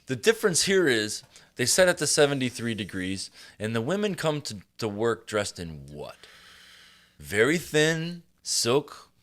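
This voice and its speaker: A man with a deep voice hosting a podcast, talking casually with lots of swearing and laughter. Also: measured pace. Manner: animated, swearing, laughing often. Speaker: podcast host. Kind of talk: casual chat.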